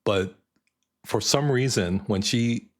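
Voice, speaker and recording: A middle-aged man hosting a live stream in casual chat, emotional and halting, often repeating words. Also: on the low side. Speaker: stream host.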